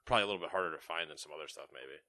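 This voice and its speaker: A man's voice: rumbling low, rapid-fire, pushed and bright, dry recording. A man co-hosting a casual gaming news podcast, joking and laughing often as he reads stories. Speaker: co-host reading gaming news.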